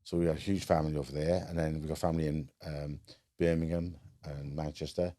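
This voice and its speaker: Guest: man, very low warm voice, blunt and plain-spoken. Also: flat delivery, fairly quick. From Wales. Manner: frank, matter-of-fact, many fillers and restarts. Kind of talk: casual storytelling.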